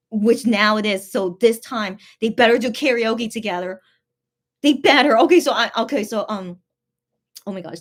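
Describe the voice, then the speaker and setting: A young woman chatting casually on a livestream, her voice sitting a little higher than most. She reacts to viewer comments with sudden loud bursts and then drops to soft, quick mutters. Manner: excitable, swings between loud outbursts and soft mutters. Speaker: livestream host reading viewer chat. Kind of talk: casual live-stream chat.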